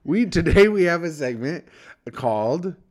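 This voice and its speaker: A man's voice: fairly high pitch, animated, measured pace, darkish tone. A man co-hosting a casual podcast, bickering and teasing, fussy about the sound levels. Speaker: podcast co-host. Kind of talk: casual chat.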